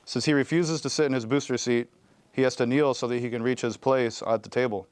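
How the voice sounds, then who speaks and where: A man reading a children's novel aloud in an expressive storytelling way, close to the mic. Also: mid-range voice, brisk, clear, resonant tone, no echo. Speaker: guest reader.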